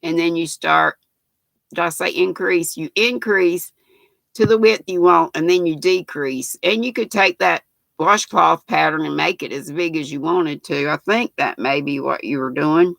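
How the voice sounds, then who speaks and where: A woman's voice: lowish voice, a little slow, vocal fry, a bit bright, dry recording. A woman in her sixties with a Southern American accent, hosting a casual livestream and chatting folksily as she reads viewer comments aloud. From North Carolina, US. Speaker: livestream host.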